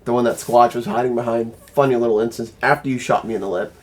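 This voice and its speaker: A man chatting casually, telling animated stories full of swearing and acted-out quotes. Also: medium pitch, quick pace. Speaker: airsoft player. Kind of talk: casual chat.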